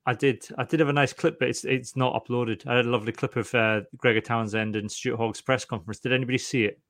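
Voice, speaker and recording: A man co-hosting a podcast, telling stories in a lively, animated way and mimicking the people he talks about. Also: medium pitch, fast, no echo, studio quality. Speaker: podcast co-host. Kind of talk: casual sports chat.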